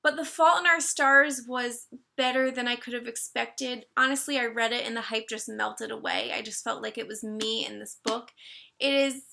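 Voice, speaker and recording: A woman's voice: fairly high pitch, steady tone, moderate pace, gravelly, pushed and bright. A woman chatting casually to her camera, gushing and a bit emotional as she reviews books. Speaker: book vlogger. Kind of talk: casual book review chat.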